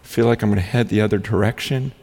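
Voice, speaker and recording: A man voicing a troubled male church staffer who speaks low and earnestly. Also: steady tone, fast talker, a little mellow, lightly acted. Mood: grave.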